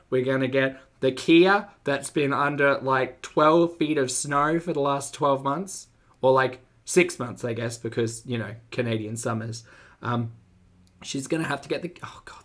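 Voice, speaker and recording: A man's voice: mid-range voice, a bit bright. An Australian man chatting casually on a live stream, playful and joking as he reacts to videos and reads viewer messages.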